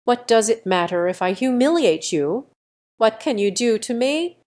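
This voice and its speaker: A woman's voice: a little high, lively intonation, moderate pace, a little mellow, natural voice. A woman voicing an arrogant, mocking young man in an audio story, in a plain reading voice. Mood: taunting. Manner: mocking, taunting.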